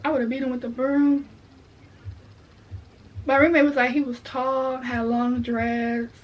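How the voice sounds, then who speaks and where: Young woman, high voice, casual indignant storyteller, slightly muffled lo-fi audio. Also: level tone, a little slow. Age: young adult. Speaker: vlogger. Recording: dull lo-fi audio.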